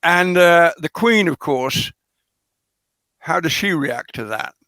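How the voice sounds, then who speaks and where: A man being interviewed as a scholar, explaining carefully in an unhurried lecturing way, full of ums and restarts. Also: on the high side, animated, sharp tone, dry recording. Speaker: guest scholar. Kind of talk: lecturing conversation.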